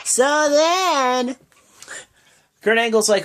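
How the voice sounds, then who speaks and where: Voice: mid-range voice, animated, normal speed, fairly bright tone. A vlogger giving a loose, chatty recap of a wrestling show, full of fillers and restarts. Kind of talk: casual spoken recap.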